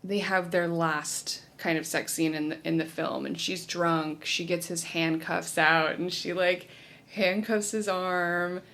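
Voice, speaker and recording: A woman's voice: fairly low pitch, fairly even intonation, unhurried, a bit bright. A woman in her late thirties co-hosting a podcast, animatedly retelling film scenes in casual talk, full of "like". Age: late 30s. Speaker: podcast co-host.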